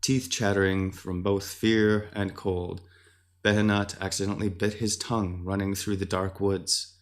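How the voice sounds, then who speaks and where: A man with a very deep voice narrates a fantasy story. His delivery is measured and descriptive, like scripted storytelling. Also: little pitch movement.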